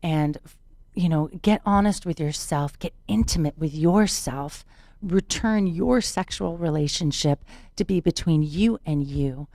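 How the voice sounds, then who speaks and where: A woman's voice: deep voice, a little slow, mellow, no room sound, clean studio sound. A woman guest on a podcast interview, earnestly telling a personal story and repeating words for emphasis. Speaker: podcast guest, spiritual teacher.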